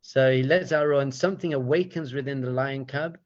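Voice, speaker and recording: A man speaking as a rabbi, giving an animated teaching talk full of storytelling. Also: mid-range voice, fairly quick, lo-fi sound.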